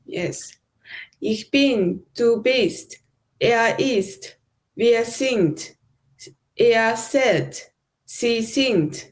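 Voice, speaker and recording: A woman's voice: on the high side, expressive, drawn-out words, pauses often. A woman co-hosting a language lesson, answering questions and carefully repeating words after the teacher. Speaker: co-host and practice partner.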